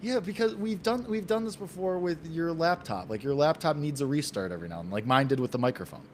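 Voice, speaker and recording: A man with a New York accent co-hosting a sports betting chat, talking in animated, emphatic rants full of "like". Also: fairly high pitch, fast talker, a little hiss or hum.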